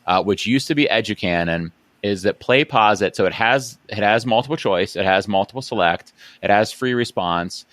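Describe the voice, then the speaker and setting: A man with a very low voice hosts a relaxed podcast conversation. He talks in a chatty, rambling way, full of fillers and restarts. The sound is dry and close to the mic. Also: moderate pace, hardly any pauses, dry recording. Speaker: podcast host. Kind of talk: casual conversational interview.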